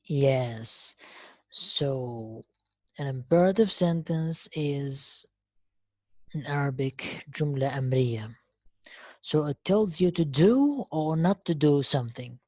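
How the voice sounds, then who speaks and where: Low-pitched woman teacher giving an online english class, slow and patient, dry sound. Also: lively intonation, darkish tone, dry recording. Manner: slow explaining, frequent checking questions. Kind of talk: live online English lesson. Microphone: online lesson connection.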